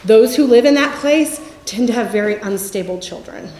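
High-voiced woman, echoey room. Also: animated, moderate pace. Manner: conversational, storytelling, often trails off softly. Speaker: speaker giving a faith-based talk. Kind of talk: candid Christian teaching talk.

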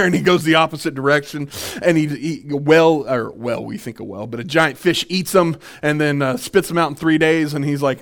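A man, a minister, teaching a church workshop on boundaries, animated and full of restarts as he tells stories. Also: fairly high pitch, moderate pace. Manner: animated storytelling with many restarts.

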